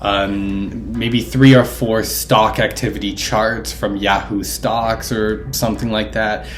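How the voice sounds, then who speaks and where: A man who teaches English, sharing classroom activity tips in a relaxed, casual way, with frequent ums and uhs. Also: lowish voice, slow pace, faint music behind.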